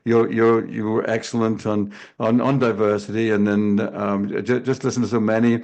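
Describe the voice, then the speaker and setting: A man's voice: lowish voice, little pitch movement, normal speed, a little mellow. A man speaking as a sales coach on a video panel, chatty and jokey with many restarts. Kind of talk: casual panel chat.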